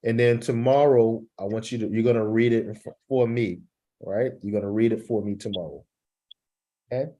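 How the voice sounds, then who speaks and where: An encouraging male English teacher, with his voice sitting at an ordinary middle pitch. He models sentences aloud, pausing at commas and pushing up on the words he stresses. He keeps checking in with his students as he coaches them to practice. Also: steady tone, dark tone. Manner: models sentences with strong rises in pitch for emphasis; encouraging, checks in with "right?" and "okay?".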